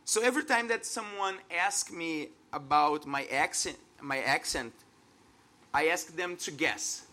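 A man in his thirties speaks with a Brazilian Portuguese accent, his voice high and bright. He preaches a sermon at an unhurried pace, earnest and conversational, and a faint room ambience hangs behind him. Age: 30s. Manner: earnest, conversational, laughs at himself.

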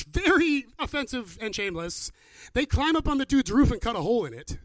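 A man preaching and answering questions, animated and acting out the people he quotes. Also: high-pitched, dry recording. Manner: animated, acts out quoted voices. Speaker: pastor. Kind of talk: sermon with Q&A.

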